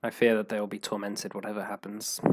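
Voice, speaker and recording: A man voicing a slight, quiet man who is solemn and weary, speaking in a measured, hesitant way. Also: fairly low pitch, completely flat delivery, heavy background noise, close to an everyday voice. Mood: grave.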